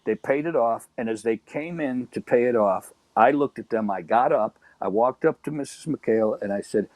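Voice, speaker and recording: A middle-aged man from Chicago's South Side, telling old neighborhood stories in a casual, animated chat. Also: medium pitch, normal speed, dry recording. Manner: animated, acts out quoted voices. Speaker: guest storyteller.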